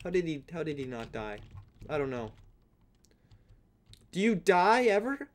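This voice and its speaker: A young man commenting on his own Minecraft game, swinging from hushed mutters to loud, excited yelling. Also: a little high, unhurried. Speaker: gaming channel host.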